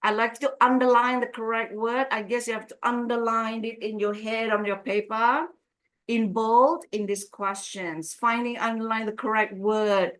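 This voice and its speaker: A woman's voice: fairly high pitch, fairly even intonation, a bit bright. A woman teaching an English lesson, drawing out words to model stress and asking learners questions. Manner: drawn-out modeling of word stress. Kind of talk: online business English lesson.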